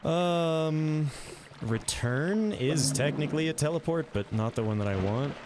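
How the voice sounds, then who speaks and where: A man giving live gameplay commentary, thinking aloud in a relaxed way with some mild swearing. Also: a little high, unhurried, noisy background. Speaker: game streamer.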